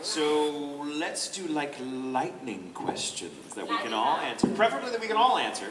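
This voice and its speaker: Man, fairly high voice, lively joking panel talk, distant roomy hall recording. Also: moderate pace. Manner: animated, joking, blunt. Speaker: voice actor on a convention panel, moderating. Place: large convention hall. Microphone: far from the recording mic. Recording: echoey hall from far off, crowd noise.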